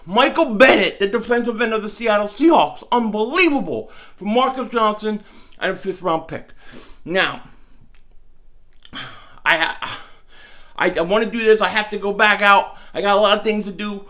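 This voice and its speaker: A man talking in a casual sports vlog, excited and rambling, his speech slurred because half his face is numb from the dentist. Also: high voice, moderate pace. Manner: excited, rambling, repeats himself. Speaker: sports vlogger.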